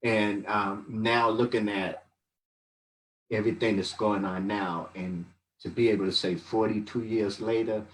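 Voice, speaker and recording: A man's voice: fairly low pitch, steady tone, unhurried. Older man telling stories, distant mic. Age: 60s. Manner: rambling, many fillers, fond and reflective. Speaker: guest. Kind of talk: casual storytelling testimony.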